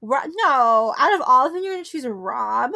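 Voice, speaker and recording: A young woman co-hosting a podcast in casual chat, chatty and giggly, riffing quickly. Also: high-pitched, expressive, gravelly, sharp tone. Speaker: podcast co-host.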